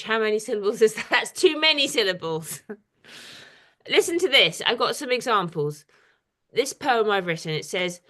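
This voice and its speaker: In an unhurried, bright, forceful mid-range voice, a woman artist guides an informal poetry workshop by video call. Her talk is chatty and hesitant, heavy with ums and other fillers.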